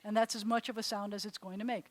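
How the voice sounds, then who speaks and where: A woman rabbi teaching a live class, chatty and animated, laughing at herself as she demonstrates sounds. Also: medium pitch, fast talker. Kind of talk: classroom lesson. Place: congregation classroom.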